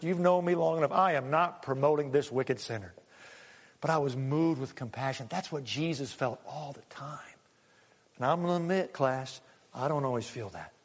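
A middle-aged man, a pastor preaching a sermon in a church and telling a story with feeling, going loud and then hushed. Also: on the high side. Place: church sanctuary. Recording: long hall reverb.

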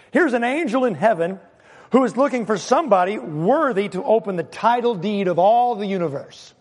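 A pastor with a scratchy throat preaching a sermon, animated and emphatic, with sudden loud exclamations. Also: male voice, high voice, a little fast, big-room sound.

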